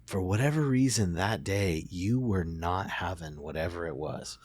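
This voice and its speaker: A middle-aged man, a therapist, telling a family story in a relaxed conversation, reflective and full of restarts. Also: deep voice, normal speed, dry recording. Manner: reflective, many restarts and fillers. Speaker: therapist and podcast host.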